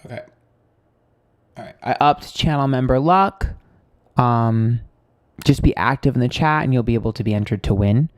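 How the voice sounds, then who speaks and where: A man's voice: mid-range voice, moderate pace, pauses often, no room sound. Profane, rambling man telling a story. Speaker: tarot reader hosting a livestream. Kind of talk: casual livestream storytelling.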